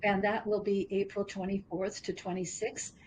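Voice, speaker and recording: A woman founder answering interview questions thoughtfully, sometimes pausing to find the right words. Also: mid-range voice, flat delivery, darkish tone, slight background noise, rough recording. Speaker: business founder, guest.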